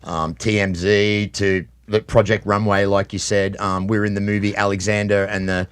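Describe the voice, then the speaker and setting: A man's voice: fairly low pitch, flat delivery, moderate pace, clean tone. An Australian man, a guest, talking easily in casual chat. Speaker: guest, show performer.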